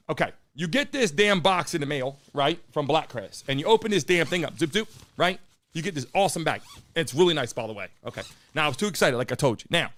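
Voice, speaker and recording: A man hosting a live streamed talk show, brash and profane, a little hoarse as he talks to his chat. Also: medium pitch, fairly bright tone. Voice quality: a bit hoarse, froggy. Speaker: host of a live call-in show.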